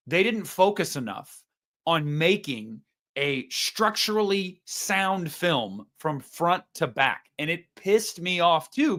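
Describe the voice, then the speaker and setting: A young man with a notably high, slightly bright voice rants his way through a casual film review, cursing and sounding exasperated. He's a podcast co-host riffing with his friends.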